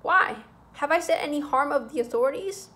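A woman's voice: high-pitched, expressive, normal speed, a bit bright. Woman reading as a blunt young teacher, curt, cold, sulky, clipped. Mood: angry.

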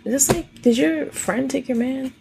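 A woman's voice: high voice, normal speed, vocal fry, background noise. A woman giving a casual tarot reading, musing aloud with rhetorical questions and reciting song lyrics. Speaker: tarot reader.

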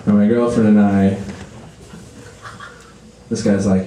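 A man's voice: lowish voice, level tone, slow pace, long pauses. A man in his thirties from Canada, doing a crude, self-deprecating stand-up comedy set on a club stage. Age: 30s. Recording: echoey comedy club with audience noise.

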